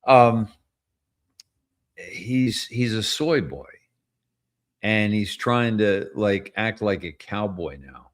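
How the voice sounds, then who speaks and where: A man's voice: on the low side, slow, pauses often. A man hosting his own show in casual political commentary, rambling, blunt and profane, breaking into chuckles often. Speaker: host.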